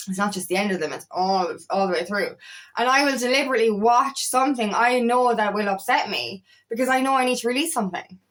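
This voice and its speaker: A woman's voice: fairly high pitch, fast talker, a bit bright. A woman working as an empowerment coach, speaking in a casual, motivational talk to camera. She is chatty and emphatic, repeats phrases, and swears now and then.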